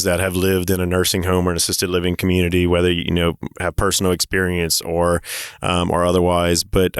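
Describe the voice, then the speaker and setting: A man who co-founded a company, telling an earnest, halting story in a casual interview. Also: low voice, smooth, no room sound, clean studio sound. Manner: earnest, halting, full of fillers.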